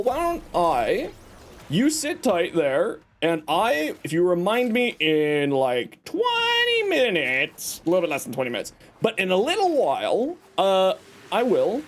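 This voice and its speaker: A man hosting a livestream, chatting casually and teasing as he greets viewers and reads chat. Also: sits high. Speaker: livestream host reading chat.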